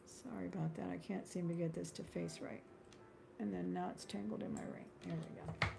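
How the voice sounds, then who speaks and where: A woman's voice: lowish voice, steady tone, fairly quick, creaky, background noise. A woman hosting a live-stream jewelry sale, calling out buy-now prices in a chatty, friendly way and drifting into small talk with frequent laughs. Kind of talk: live-stream sales patter.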